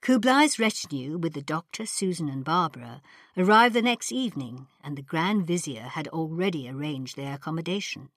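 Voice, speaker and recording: 低沉的女声有声书朗读. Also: female voice, low voice, expressive, no room sound, clean studio sound. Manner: measured storytelling, voices characters. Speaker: audiobook narrator. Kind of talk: scripted narration.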